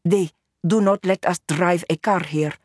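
A woman's voice: fairly low pitch, fairly even intonation, measured pace, darkish tone, slightly rough, no room sound, studio quality. A woman voicing a confident young woman with powers, speaking in an assured, commanding way in an audiobook.

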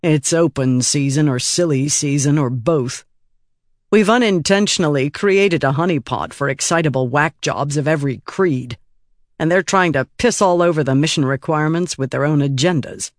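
A weary, cynical middle-aged intelligence boss in an audiobook, sardonic and exasperated, swearing freely, as a male narrator puts him on. The voice sits a little high for a man, recorded dry and close. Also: moderate pace, no room sound, close to an everyday voice. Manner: sardonic and exasperated, with crude language.

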